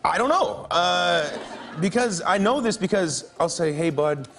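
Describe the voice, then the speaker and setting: A man's voice: a little high, measured pace, fairly bright tone, faint music behind. A man telling a casual interview anecdote, amused and acting out dialogue. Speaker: interview guest.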